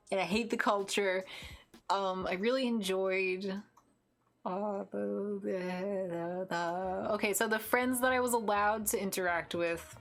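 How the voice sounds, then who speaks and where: A young woman from the United States chats casually while drawing on her art stream, rambling, restarting sentences and using plenty of fillers. Her pitch is in the middle range. She uses a desk mic with headphones, and soft music plays faintly behind her.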